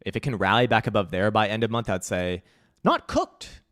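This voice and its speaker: A man's voice: on the low side, fairly even intonation, fast, fairly bright tone, no room sound. A man hosting a crypto trading livestream. He answers viewer questions bluntly, swears freely, mocks people, and laughs often. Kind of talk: live-stream commentary reading viewer questions.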